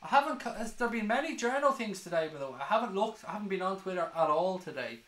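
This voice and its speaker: A man's voice: high voice, animated, quick pace, a bit bright, echoey room, poor audio. A man hosting a football fan live stream, chatting casually and swearing as he reads viewer comments. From Ireland.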